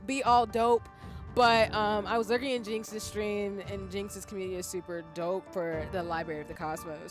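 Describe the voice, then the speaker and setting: A woman live streamer chatting casually and warmly with her viewers, rambling with fillers. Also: medium pitch.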